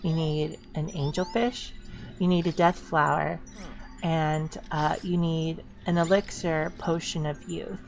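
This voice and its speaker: Low creaky woman narrating casually. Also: flat delivery, takes it slowly, soft background music. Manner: rambling, full of fillers and restarts. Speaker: channel host. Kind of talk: casual narration over game footage. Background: wind chimes.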